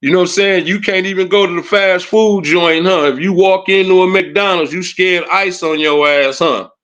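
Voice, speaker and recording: The audio is dull as a high-pitched man with a fairly bright tone rants at a moderate pace on a livestream. Heated and taunting, this commentator repeatedly says "huh" and "you know what I'm saying."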